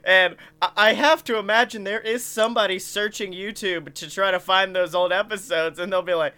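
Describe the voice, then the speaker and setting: A bright, crisp-voiced man chatting on a podcast, excitable and loose with profanity. His voice sits fairly high and clear. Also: a little fast, few pauses. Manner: excitable, swears often, laughs a lot. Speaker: podcast co-host. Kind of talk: casual chat.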